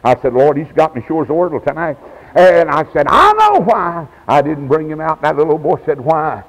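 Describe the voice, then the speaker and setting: A man preaching as an evangelist at a revival, swinging from low asides to high shouted cries. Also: very animated, moderate pace. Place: church. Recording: dull lo-fi 1990s church tape.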